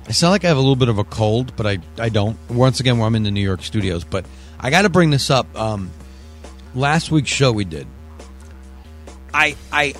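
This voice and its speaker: Loud, profane male podcast host. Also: medium pitch. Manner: loud, profane, sing-song hype delivery. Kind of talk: casual live show banter. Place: studio.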